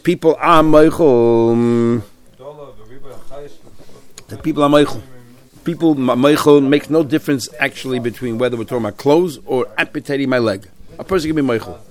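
A man leads a Talmud class in a lively sing-song chant. He acts out both parties of each case as he explains it, switching between them with quick, animated delivery. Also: mid-range voice. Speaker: Talmud teacher.

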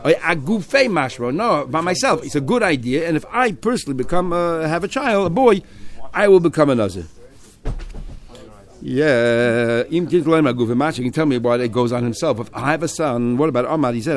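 Animated man teaching a text class. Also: a little high, brisk. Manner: animated, acting out the speakers he quotes.

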